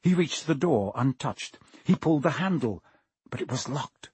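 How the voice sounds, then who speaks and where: A man narrating an audiobook with expressive, dramatic pacing. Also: medium pitch, moderate pace, slightly rough, no echo. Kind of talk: audiobook reading.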